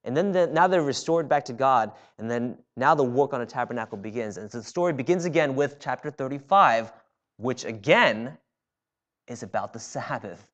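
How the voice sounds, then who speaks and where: A man's voice: mid-range voice, expressive, brisk, a bit bright, muffled recording. A man preaching a sermon in a church, talking casually and often checking in with "right?". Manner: conversational with frequent "right?" asides. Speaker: pastor.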